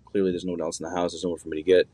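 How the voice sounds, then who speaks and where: A man's voice: deep voice, level tone, rapid-fire, warm tone, no room sound. A young man telling a personal story in a loose, conversational way, with plenty of fillers and slang.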